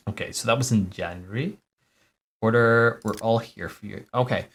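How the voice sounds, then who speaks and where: A man's voice: on the low side, normal speed. A man hosting a let's play, talking casually and hesitantly over a game. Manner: relaxed, hesitant with fillers. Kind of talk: casual gameplay commentary.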